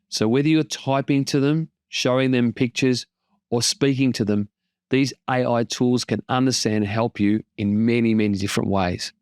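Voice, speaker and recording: A man's voice: mid-range voice, clean tone, dry recording, studio quality. A man hosting a casual tech explainer, plain-spoken and lightly joking as he walks through tools. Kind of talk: casual tutorial narration.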